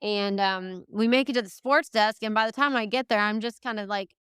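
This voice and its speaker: A young woman with an exceptionally clear, smooth voice, recorded close and dry with no room sound. She talks at a middle pitch. Her story runs on in long loose chains of "like" and "you know", with the sincere and casual feel of an interview guest. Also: fairly quick, fairly bright tone, no echo. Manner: rambling, emotional play-by-play full of "like" and "you know". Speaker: guest, reining horse trainer.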